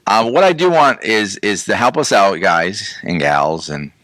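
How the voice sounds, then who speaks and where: Male podcast co-host, low and animated, rambling storyteller. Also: measured pace, no room sound. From England. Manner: rambling, laughs often, trails off mid-sentence. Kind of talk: casual chat.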